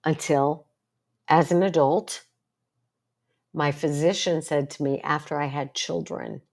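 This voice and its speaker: Older lady, low-ish voice, earnest chatty storytelling, asks lots of rhetorical questions. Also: steady tone, a little slow, darkish tone. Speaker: psychologist and support group host. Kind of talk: casual talk to camera.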